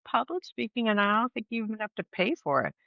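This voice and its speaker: A woman's voice: mid-range voice, animated, quick pace, gravelly, no echo. A middle-aged woman co-hosting a podcast, chatting in an opinionated, jokey way. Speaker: podcast co-host. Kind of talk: casual chat. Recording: dull lo-fi sound.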